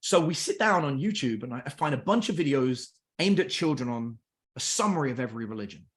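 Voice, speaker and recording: A middle-aged man with an English accent tells family anecdotes in a casual, lively way. His pitch sits in an ordinary middle range. He slips into the voices of the people in his stories as he goes. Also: fast talker. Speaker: podcast guest. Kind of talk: casual storytelling.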